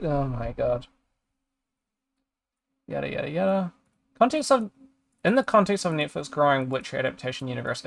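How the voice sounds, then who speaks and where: A man's voice: on the high side, creaky. A streamer chatting casually, ranting in exasperation and swearing as he reads a review aloud and trails off mid-sentence. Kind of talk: casual chat while reading a review aloud.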